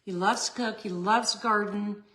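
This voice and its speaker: A woman's voice: mid-range voice, fairly even intonation, moderate pace, bright, forceful tone. A chatty middle-aged woman, hosting a casual craft tutorial and talking to her viewers. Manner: chatty, laughs often, talks to viewers. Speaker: resin art tutorial host.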